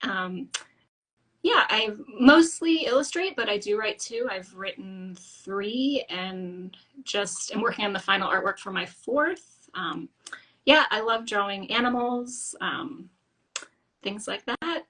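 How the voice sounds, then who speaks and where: A woman's voice: medium pitch, lively intonation, takes it slowly, bright, forceful tone, rough recording. A woman from the American Midwest, a guest on a casual interview, speaking modestly and laughing easily. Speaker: guest illustrator. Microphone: video call.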